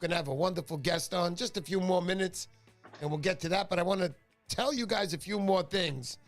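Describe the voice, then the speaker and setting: A man's voice: sits high, brisk, soft background music. A middle-aged man hosting a casual livestream, joking and greeting viewers by name. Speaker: livestream host.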